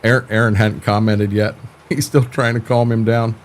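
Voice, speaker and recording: A man's voice: on the low side, little pitch movement, normal speed. An older man chatting casually on a live stream about farming games, laid-back and folksy, often stumbling and repeating words.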